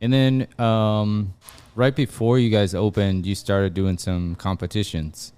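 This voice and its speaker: A man's voice: fairly low pitch, little pitch movement, a little slow, warm tone, smooth. A male podcast host asking questions casually and encouraging his guest with short affirmations.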